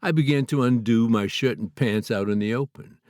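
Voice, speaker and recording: A man from Canada reading his own memoir aloud in a measured, earnest, slightly formal way. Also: medium pitch, a little mellow, no room sound, clean studio sound. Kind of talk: memoir audiobook narration.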